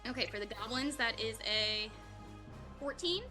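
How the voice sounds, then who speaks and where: A woman narrating as game master of a tabletop game, upbeat, with quick asides and frequent laughs. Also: on the high side, animated, music in the background.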